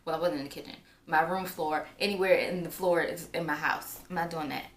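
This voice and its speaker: A woman's voice: deep voice, fairly even intonation, brisk. A young woman telling a personal story in a casual, chatty way, with lots of filler words. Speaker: vlogger. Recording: roomy echo, faint background noise.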